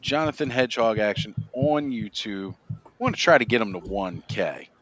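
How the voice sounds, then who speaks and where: A man's voice: lowish voice, animated, moderate pace, a bit bright, no room sound, highs cut off. Laid-back man hosting a livestream. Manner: laid-back, laughs often, says "like" a lot. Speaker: livestream host. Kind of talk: casual chat. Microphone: video call.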